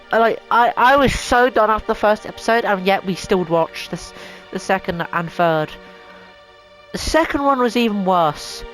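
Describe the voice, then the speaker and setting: A woman's voice: mid-range voice, fairly bright tone, rough recording. A woman hosting a casual opinion rant at home, rambling, swearing a lot and sounding exasperated. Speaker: channel host. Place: home room.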